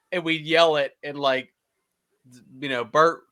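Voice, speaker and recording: A man on a casual podcast, animatedly telling stories with laughter and quick impressions. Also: a little high, animated, sharp tone, clean tone, no echo. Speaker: podcast co-host, former team staffer.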